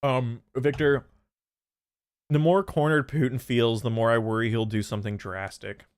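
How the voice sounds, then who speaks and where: A young man hosting a livestream, chatting casually and profanely, with many restarts and animated outbursts. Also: mid-range voice, moderate pace, clean tone, no room sound, clean studio sound. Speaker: streamer host.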